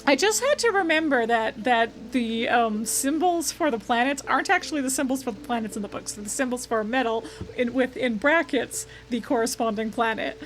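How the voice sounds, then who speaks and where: Over background game music, a young woman streams a puzzle game in let's-play style, chatting and thinking aloud, reading the game text out loud and correcting herself along the way. Her voice is fairly high with lively intonation, and she talks fairly quickly with few pauses.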